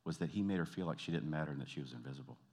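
A man preaching in a storytelling sermon style, a pastor and counselor who acts out the people in his story and drops to soft, intimate appeals to his listeners. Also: rumbling low, racing.

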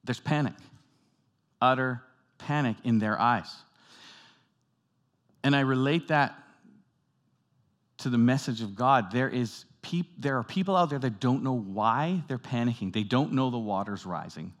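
A man preaching a sermon to his congregation, moving between loud, emphatic lines and quiet, hushed ones, and asking the room questions. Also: mid-range voice, lively intonation, unhurried, long pauses. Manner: dynamic, swings from loud emphatic to soft hushed; talks directly to the congregation with questions. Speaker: pastor.

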